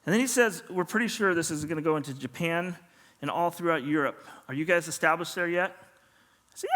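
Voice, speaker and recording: A man's voice: on the high side, brisk. A middle-aged man telling a story in a sermon, acting out the voices of people in it. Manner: animated storyteller, acts out dialogue. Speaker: pastor. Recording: long hall reverb.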